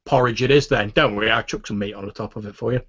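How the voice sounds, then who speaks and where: A man's voice: on the low side, fairly even intonation, fast talker, fairly bright tone, slightly rough, muffled recording. A man voicing a surly, blunt male orc barkeep who talks crude and brusque. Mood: gruff.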